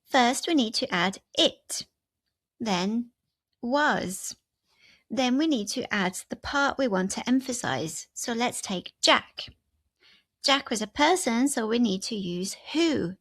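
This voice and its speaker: A woman gives a grammar lesson in a slow, careful voice, building each example sentence step by step. Her voice sits slightly high. The recording is dry and close, with no room echo. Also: animated, a bit bright. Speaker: English grammar teacher.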